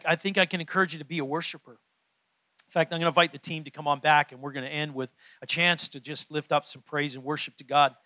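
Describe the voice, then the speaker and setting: A man's voice: sits high, bright, forceful tone, no room sound. A male pastor preaching a conversational sermon to his church, often repeating his words as he goes. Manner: conversational, repeats words, laughs between points.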